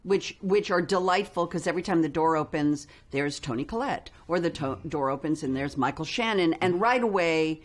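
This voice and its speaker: Low voiced woman in an interview, explains stuff thoughtfully. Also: normal speed, few pauses. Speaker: actor interviewee. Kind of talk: casual interview.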